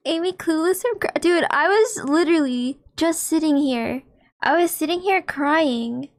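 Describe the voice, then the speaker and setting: A young adult woman streaming from home, chatting straight to her viewers in an excitable, giggly way. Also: high voice, unhurried. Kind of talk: casual livestream chat.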